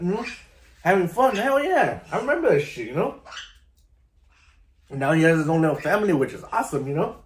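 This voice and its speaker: This middle-aged vlogger's voice sits high and sing-song, fairly quick, reverberant, with a little hiss or hum in the recording. He tells stories to camera in a laid-back, slangy manner, dropping "you know" and "vato" again and again.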